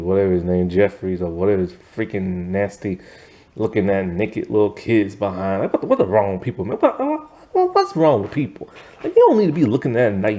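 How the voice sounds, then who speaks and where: A man's voice: lowish voice, mellow. A man giving a casual, rambling movie review, opinionated and full of "like" and "man".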